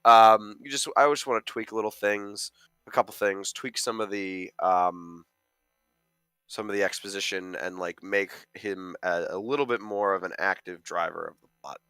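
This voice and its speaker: A man's voice: lowish voice, steady tone, moderate pace, bright, forceful tone, smooth, no room sound. A young man co-hosting a podcast, chatting casually about films and rambling with many fillers. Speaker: podcast co-host, amateur film critic. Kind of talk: casual chat.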